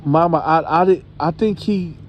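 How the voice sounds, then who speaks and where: A man's voice: a little high, moderate pace, darkish tone, slight background noise, pitched above the performer's own voice, natural voice. A man voicing a frightened, ashamed teenage girl who stammers and hesitates. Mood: fearful.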